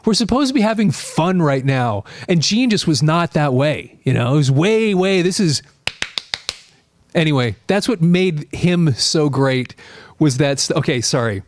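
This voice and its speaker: A man in his late fifties hosting a live stream, chatting casually in a rambling, animated way while reading out viewer comments. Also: on the high side, unhurried. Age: 50s.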